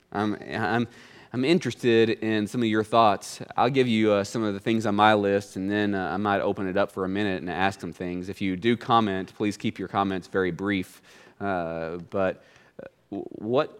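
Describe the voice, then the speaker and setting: A male pastor delivers a sermon to his congregation in a relaxed, conversational tone. He reads scripture, then talks it through with asides, and his voice climbs sharply higher and louder whenever he presses a point. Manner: conversational preaching, often rises in pitch and volume for emphasis. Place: church.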